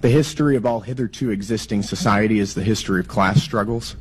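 A man with a hoarse voice from a cold, questioning a witness persistently at a hearing. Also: fairly low pitch, fast talker. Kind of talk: hearing interrogation.

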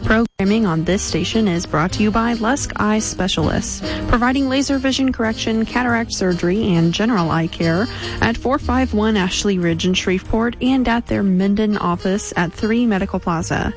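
A woman's voice: medium pitch, moderate pace, soft background music, poor audio. A woman reading sponsor and community announcements as a station announcer.

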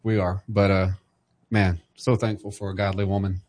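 A man's voice: low voice, flat delivery, moderate pace, darkish tone. A man in his forties, a host, speaking heartfelt and a bit preachy about faith in a casual conversation. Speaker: podcast host.

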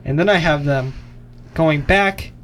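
A man's voice: fairly high pitch, measured pace, a bit bright, a little hiss or hum. A young man co-hosting a college radio sports show, chatting casually and easygoingly with his co-host.

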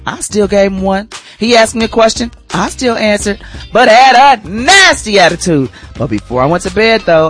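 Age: middle-aged. Sex: woman. Role: morning radio host. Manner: animated storytelling with sermon-like points. Behind: faint music. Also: mid-range voice. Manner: animated storytelling, addresses listeners as y'all. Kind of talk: casual testimony with sermon-like lessons.

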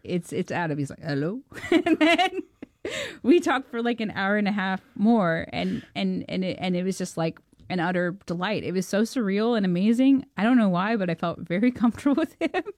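Excitable Canadian woman, interview guest, dry close mic. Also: medium pitch, normal speed, no echo. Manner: excitable, laughing often, acting out quoted dialogue. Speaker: filmmaker guest. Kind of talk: animated storytelling in an interview.

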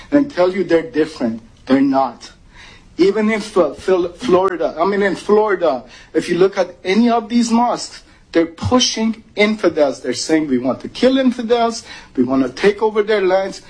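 A man's voice: on the high side, darkish tone, husky, low-quality recording. A man from Iran giving an urgent, emotional public comment, close to tears. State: near tears.

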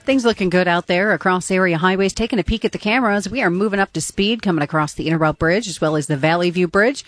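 A woman reads the local traffic and weather for radio. Her delivery is brisk and even, and her voice sits at a middle pitch. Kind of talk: scripted traffic and weather report. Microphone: studio microphone.

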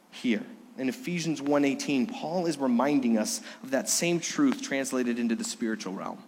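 A middle-aged male pastor preaching a Sunday sermon in a church, earnest, moving between loud emphasis and hushed, soft lines. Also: a little high, breathy edge. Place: church sanctuary during a Sunday service. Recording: echoey sanctuary reverb.

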